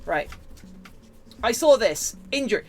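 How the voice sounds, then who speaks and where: A woman's voice: fairly high pitch, big pitch swings, measured pace, darkish tone, soft background music. A British woman streaming live, chatting playfully and mock-dramatically with her viewers while she crafts.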